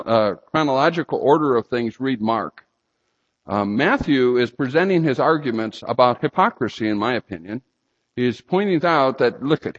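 A man preaching a sermon, telling stories and sometimes breaking into loud outbursts. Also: medium pitch. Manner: storytelling with sudden loud outbursts. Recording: slightly dull lo-fi sound.

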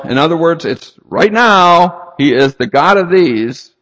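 Guy giving a sermon, lively emphatic delivery, reverb from a big hall. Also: a little high, takes it slowly. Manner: emphatic, rhetorical questions, reads scripture aloud. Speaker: preacher.

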